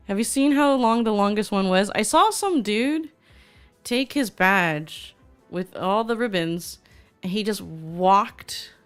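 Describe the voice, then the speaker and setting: A woman's voice: mid-range voice, smooth. A young woman VTuber chatting casually on stream, gushing and reading chat aloud.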